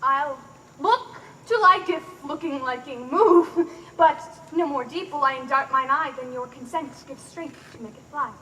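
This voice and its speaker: A woman playing a demure young noble daughter who gives soft, polite replies, in outdoor Shakespeare stage acting. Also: sits high, a little slow, big-room sound, slight background noise, rough recording.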